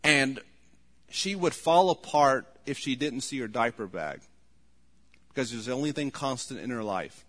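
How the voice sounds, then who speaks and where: A man preaching a sermon in an earnest tone, voice rising to loud pleading when he quotes. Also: mid-range voice, animated, moderate pace. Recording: long hall reverb.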